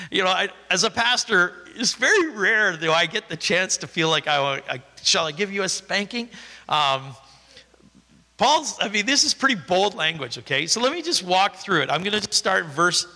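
A man's voice: high voice, sing-song, normal speed, bright, forceful tone. A male pastor reading scripture with emphatic stresses, then explaining it in a conversational sermon. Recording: reverberant hall.

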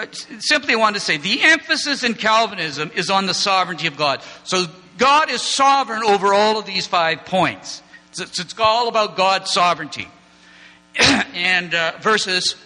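A man's voice: high voice, bright, forceful tone. A man giving an informal, digressive church class from slides, joking with his listeners as he goes. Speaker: church teacher. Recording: long hall reverb, mains hum.

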